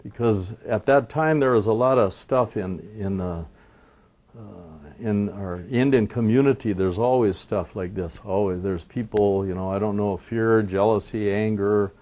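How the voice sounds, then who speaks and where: A man telling a traditional story as a teaching, in an unhurried, reflective way with many asides. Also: lowish voice, darkish tone. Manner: unhurried, reflective, frequent "you know".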